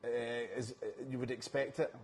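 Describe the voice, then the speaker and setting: A man with an ordinary mid-range voice hosts a relaxed interview. He asks long, rambling questions and keeps up a steady stream of short agreeing noises while his guest talks. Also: mid-range voice, normal speed, poor audio. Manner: frequent short agreeing "yeah" backchannels.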